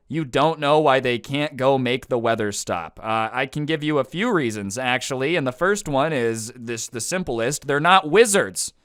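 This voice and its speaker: A man telling a storytime to camera, sarcastic and incredulous, with animated retelling. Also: medium pitch, normal speed, few pauses, smooth. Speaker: storytime YouTuber. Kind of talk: storytime commentary.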